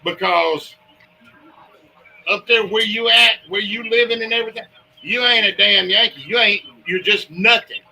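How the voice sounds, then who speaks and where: A man with a husky, sharp, high voice throws out blunt, folksy jabs in casual podcast banter. He talks in plain drawling phrases. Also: normal speed, poor audio. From Texas. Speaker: podcast co-host.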